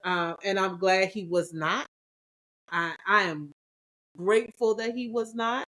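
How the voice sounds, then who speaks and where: A woman co-hosting a couples podcast, chatting casually and acting out past conversations with lively swings in her voice. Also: measured pace. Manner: animated, acts out quoted dialogue with big pitch jumps. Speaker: podcast co-host.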